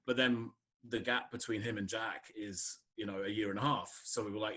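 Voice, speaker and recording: A man's voice: fairly low pitch, steady tone, moderate pace, fairly bright tone. A middle-aged man from Scotland with a neutral English accent, chatting as a podcast guest, laughing often and using many fillers. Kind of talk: casual conversation.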